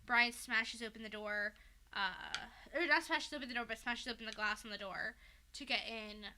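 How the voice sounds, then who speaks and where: A woman's voice: a little high, normal speed, bright, forceful tone, a little hiss or hum. A woman hosting a podcast, casually retelling a story in a rambling way, with lots of fillers and swearing. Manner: rambling, full of "like" and "um", swears freely. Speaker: podcast host. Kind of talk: casual recap of a fan fiction.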